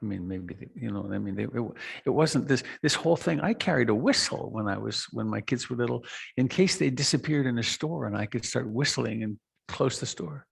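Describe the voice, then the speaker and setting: A middle-aged man giving a reflective meditation talk, slow and soft, with long pauses and trailing lines. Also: medium pitch, lively intonation, creaky, slightly rough. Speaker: meditation teacher. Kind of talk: dharma talk.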